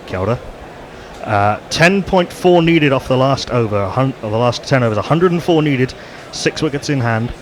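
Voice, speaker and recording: A man giving live ball-by-ball cricket commentary on radio. He describes the field and each delivery in steady, descriptive play-by-play. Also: medium pitch, moderate pace, a little hiss or hum. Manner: steady descriptive play-by-play, rising on big moments.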